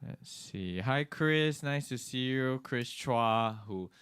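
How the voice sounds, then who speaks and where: A man's voice: mid-range voice, lively intonation, slow, fairly bright tone, clear, resonant tone, no room sound. A man hosting a live stream from a studio, chatting casually with many fillers and reading out viewer comments.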